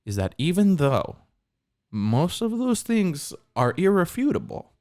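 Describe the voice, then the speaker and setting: A man's voice: a little high, big pitch swings, measured pace, a little mellow. A man co-hosting a comedy podcast, riffing along in a dry, mock-earnest tone. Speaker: podcast co-host. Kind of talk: casual comedic banter.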